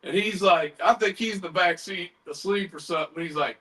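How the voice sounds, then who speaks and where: A man hosting a paranormal chat show tells a story in a loose, animated way, acting out what others said. His voice is high and bright. He sounds a little distant from the microphone. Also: fairly quick. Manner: animated, retells others' words in quotes, swears casually. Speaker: paranormal podcast host.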